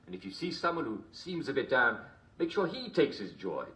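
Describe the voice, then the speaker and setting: A man's voice: medium pitch, sing-song, brisk, a bit bright. A man playing a jovial, constantly chuckling TV host, mock-cheerful and smarmy. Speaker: show host. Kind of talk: comedic character monologue.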